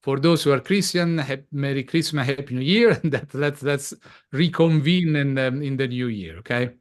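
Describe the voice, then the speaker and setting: Interview guest: Italian-accented man, halting, repeats words, mid pitch. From Italy. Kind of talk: casual interview talk.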